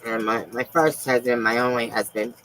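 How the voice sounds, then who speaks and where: A woman live streaming from home, talking in a soft, halting, confiding way with frequent pauses. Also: a bass voice, fairly even intonation, slight background noise, low-quality recording. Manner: emotional and confiding. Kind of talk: casual live-stream chat.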